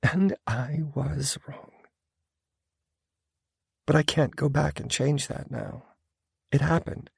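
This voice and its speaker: A man voicing a wounded, stubborn young woman in an audiobook, pleading and anguished, sometimes yelling. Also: mid-range voice, steady tone, slow pace, gravelly, long pauses, husky, dry recording, clean studio sound, pitched above the performer's own voice, full character voice. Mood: tearful. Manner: pleading and anguished, rising to yells. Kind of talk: audiobook character voice.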